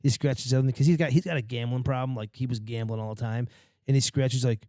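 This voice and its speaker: A man's voice: medium pitch, fast talker, dry recording, clean studio sound. A man telling prank stories in casual podcast chat, swearing freely and voicing the people in them. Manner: animated, swears freely, voices characters in his stories. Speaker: podcast co-host.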